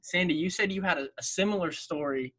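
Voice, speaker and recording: A man's voice: high voice, a little fast. Chatty young man hosting a podcast. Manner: relaxed, chatty, many fillers. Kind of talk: casual chat.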